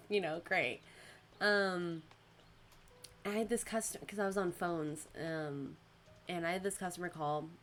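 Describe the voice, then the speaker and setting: A young woman hosting a casual podcast, telling work stories with lots of laughter and acted-out voices. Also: slight background noise. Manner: animated storyteller, acts out customers in high voices, laughs often. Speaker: podcast host. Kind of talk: casual chat.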